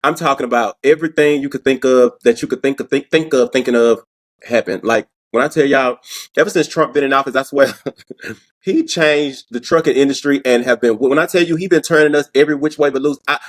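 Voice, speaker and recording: A man's voice: medium pitch, brisk. A man hosting his own commentary vlog. He talks casually and animatedly, laughs often and repeats words as he goes. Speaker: show host.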